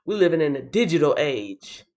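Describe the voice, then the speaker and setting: A woman's voice: sits low, moderate pace. A woman hosts a livestream and chats with viewers in a playful way, tired after a night shift. Her voice swings widely up and down, and the stream audio sounds dull and lo-fi. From Texas. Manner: animated and playful, breaks into sing-song bits. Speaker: livestream host. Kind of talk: casual livestream chat, reading chat comments.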